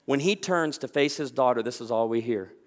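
A man preaching a sermon as a pastor, telling stories with lively energy and acting out the voices of people he quotes. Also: medium pitch, a little fast, long reverb tail.

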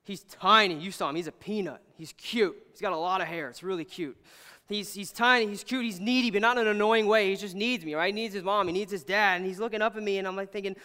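Bright, clear young pastor in a big hall. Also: male voice, high-pitched, fairly quick. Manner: earnest, animated, heavy use of "like". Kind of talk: casual storytelling sermon. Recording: long hall reverb.

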